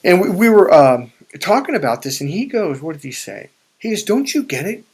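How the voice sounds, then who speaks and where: A man with a fairly high voice for his sex tells a personal story to the camera in a loose, conversational way. He swears freely, repeats himself and restarts his sentences as he goes. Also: very animated, brisk, a little mellow. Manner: profane, rambling, with frequent restarts. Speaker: spiritual and life coach. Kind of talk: casual storytelling monologue.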